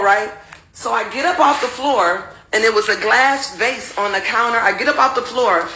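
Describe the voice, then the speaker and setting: A woman's voice: fairly high pitch, rough recording. A woman telling her own story to viewers candidly and animatedly. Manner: animated, acts out quotes in raised voice.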